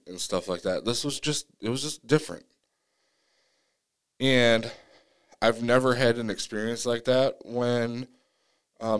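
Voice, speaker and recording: A man on a podcast telling a personal story in casual, earnest talk, acting out his own side of the exchange. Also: clean tone. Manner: animated retelling, acting out his own pleas in a higher voice; earnest, many restarts and fillers. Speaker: podcast co-host.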